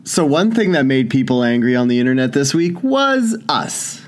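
Young dude co-hosting a podcast, mid-pitch, rambles a lot, restarts sentences. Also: male voice, very animated, normal speed. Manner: rambling storyteller, restarts and likes. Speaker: podcast co-host. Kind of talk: casual banter podcast.

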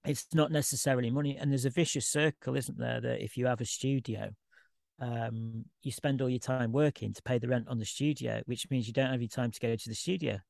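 A man talks in a loose, rambling way, candid and self-deprecating. His voice has a gravelly edge at a middle pitch. The sound is close and dry. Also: steady tone, a little fast, a little mellow, dry recording. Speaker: guest artist. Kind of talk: informal podcast conversation.

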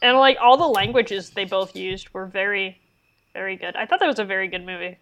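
A woman's voice: mid-range voice, brisk, a bit bright. A woman co-hosting a podcast, sharing eager opinions in casual chat. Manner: chatty, enthusiastic opinions. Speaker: podcast co-host.

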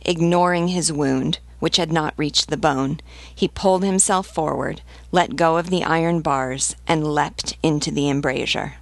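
A woman teacher reading a novel aloud in a measured, steady way. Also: low voice, gravelly, no room sound.

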